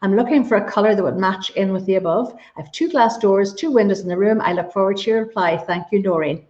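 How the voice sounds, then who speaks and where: The host here is an Irish woman from Donegal, her mid-range voice a little mellow and her pace quick. Enthusiastic and effusive, she reads out viewer questions during a live-streamed interview, recorded in an echoey room with dull lo-fi audio.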